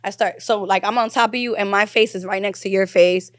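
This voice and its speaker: Soft giggly woman, dry close mic. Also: mid-range voice, fairly even intonation, fairly quick, no room sound. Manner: soft-spoken, giggly, a bit shy. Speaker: guest masseuse. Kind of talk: casual podcast chat.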